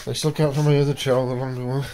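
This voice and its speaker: A man's voice: medium pitch, level tone, racing, dark tone, slight background noise. A man at home, filming on his phone and rambling through a casual running commentary to himself with muttered asides. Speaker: vlogger.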